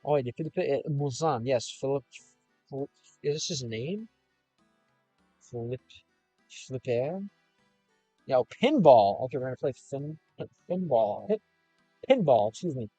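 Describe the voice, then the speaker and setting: Streaming from his car, this young Chicago man, a gaming and language streamer from the United States, rambles casually through viewer comments with plenty of fillers. He speaks a little slowly with long pauses and lively intonation, his medium-pitched voice mellow and husky. Soft background music plays.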